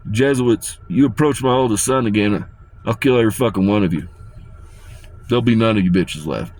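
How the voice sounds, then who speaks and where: A man's voice: lowish voice, fairly quick, darkish tone. A man delivering a rambling, profane and menacing rant to his viewers, often repeating himself. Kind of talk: ranting monologue to camera.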